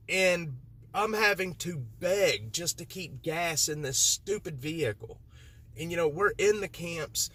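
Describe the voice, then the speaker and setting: Man, livestream host, fired-up, rambling, slightly high voice, talking from his car. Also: a bit bright. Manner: rambling and heated, repeats himself. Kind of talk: livestream chat reading viewer comments. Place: inside a vehicle.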